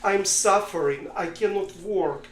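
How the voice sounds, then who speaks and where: A man voicing a desperate poor father with a big family, pleading and shouting in disbelief. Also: high voice, unhurried, roomy sound.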